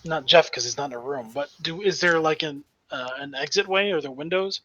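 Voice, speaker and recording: A man's voice: on the high side, a little fast, fairly bright tone, muffled recording. A man playing in a tabletop game, talking in a wry, matter-of-fact way. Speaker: player. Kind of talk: casual tabletop game chat.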